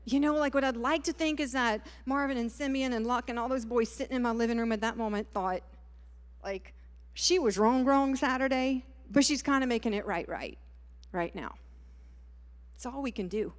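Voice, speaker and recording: A woman, giving a personal testimony sermon at a conference in a lively storytelling way. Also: a little high, moderate pace. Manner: lively storytelling, many "like" and "y'all". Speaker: conference speaker. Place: large church hall. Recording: hall with long reverb.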